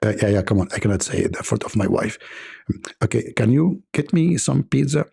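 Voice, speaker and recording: A man voicing a nervous man on the phone who hushes and dodges so his wife won't hear. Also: on the low side, animated, a little fast, vocal fry, slightly rough, voice pushed down, exaggerated voice. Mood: furtive. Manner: hushed and evasive, half-whispered.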